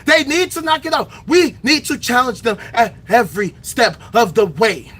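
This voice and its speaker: A man hosting his own show, ranting loudly and angrily with heavy profanity and frequent shouting. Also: extremely high pitch, normal speed, slightly rough. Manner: loud, angry, often shouting. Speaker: online show host. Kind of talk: profane impassioned rant.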